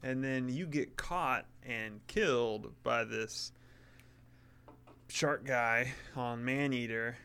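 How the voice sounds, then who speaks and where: A man's voice: medium pitch, slow, clean tone. A man co-hosting a casual gaming chat, explaining at an easy pace. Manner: relaxed, explanatory, lots of fillers. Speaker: podcast co-host.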